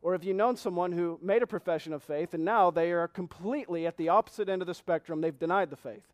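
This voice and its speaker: A man preaching as pastor, reading scripture slowly and asking the congregation earnest questions. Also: high voice, no room sound, studio quality. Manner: reads scripture slowly, repeating key phrases. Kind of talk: sermon.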